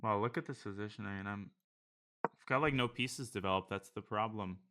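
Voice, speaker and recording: A man with a fairly low, bright and forceful voice talks through his online blitz games as he plays them. He thinks aloud and jokes around in a casual streaming manner. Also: fairly quick. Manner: casual, joking, thinking aloud over moves. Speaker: chess streamer. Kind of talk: live commentary while playing online blitz.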